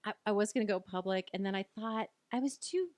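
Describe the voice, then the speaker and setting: A woman in her forties telling a personal story in a casual podcast chat, animated and laughing, acting out what people said. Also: mid-range voice, fast talker, no echo, clean studio sound. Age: 40s. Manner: animated, laughing, acts out quoted voices. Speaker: guest.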